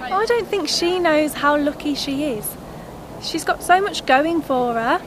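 A woman's voice: high voice, lively intonation, unhurried. An actress playing a confident, teasing young woman in a radio drama. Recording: music and crowd behind.

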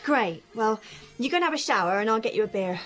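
An actress playing a caring, brisk partner at home in a radio drama. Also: female voice, on the high side, expressive, faint music behind, close to an everyday voice. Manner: brisk, warm. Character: caring, upbeat young partner.

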